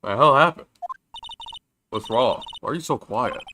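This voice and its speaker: A young man casually chatting while playing a story game, reading its lines aloud and joking loudly between them. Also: mid-range voice, lively intonation, moderate pace, background noise. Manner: chatty, jokey, reads game lines with loud outbursts. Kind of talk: casual let's-play commentary reading dialogue aloud.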